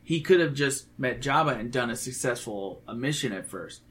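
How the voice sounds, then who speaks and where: A man's voice: medium pitch, lively intonation, normal speed, a bit bright. Chatty man rambling about a movie. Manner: chatty, enthusiastic, rambling with fillers. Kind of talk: casual movie review chat.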